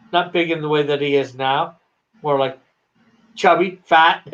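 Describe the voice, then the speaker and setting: A Canadian man with a high voice talks in a loose, rambling way, full of "um" and "you know." The audio is dull and lo-fi, like an online call. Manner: rambling, hesitant with many fillers. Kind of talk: casual chat.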